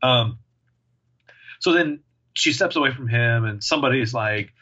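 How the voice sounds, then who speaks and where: Man, bright husky tone, dry joker, dull lo-fi sound. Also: medium pitch, unhurried, pauses often. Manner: dry, joking, referential. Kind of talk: casual film discussion. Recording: dull lo-fi recording.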